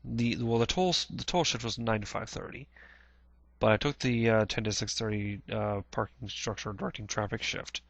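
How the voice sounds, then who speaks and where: Guy vlogging a memory, low gravelly voice, keeps restarting and clearing his throat, dry close sound. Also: fairly even intonation, a bit bright, no echo. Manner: halting, many restarts and frequent throat clearing; plain-spoken, swears casually. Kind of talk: casual personal recollection.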